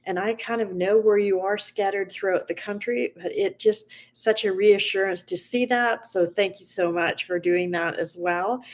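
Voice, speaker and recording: A woman hosts a morning livestream and reads an inspirational story to her listeners. Her mid-pitched voice is gentle and unhurried, often easing into soft, near-whispered phrases. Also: steady tone. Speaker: host of a motivational livestream. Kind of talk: inspirational talk and story reading.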